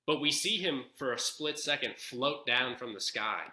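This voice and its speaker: A man's voice: mid-range voice, normal speed, roomy sound, poor audio. A man co-hosting a podcast, animatedly retelling film scenes in casual chat. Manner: animated storyteller, acts out lines. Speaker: podcast co-host. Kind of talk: casual movie review chat.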